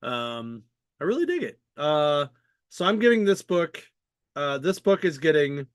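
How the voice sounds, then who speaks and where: Rather high and sing-song, this podcast host's voice is clear and resonant, and he speaks a little slowly. He rambles through casual chat with many fillers and the odd swear. The sound is dry and studio-clean.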